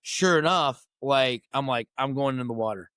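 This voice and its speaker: A middle-aged man who served in the military spins a story as a podcast guest, swearing liberally and doing the voices of the people he quotes. He speaks at medium pitch and normal speed, with a bit bright, clean sound and no echo.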